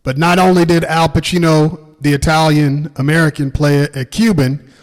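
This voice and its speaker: A man co-hosting a podcast in casual chat, laughing often and pausing with ums. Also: on the high side, fairly even intonation, big-room sound. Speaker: podcast co-host.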